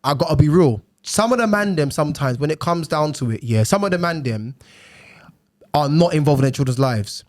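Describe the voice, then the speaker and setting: A man, a social worker telling stories in casual podcast chat, lively and full of slang. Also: on the high side, a little fast. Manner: lively storytelling, heavy slang.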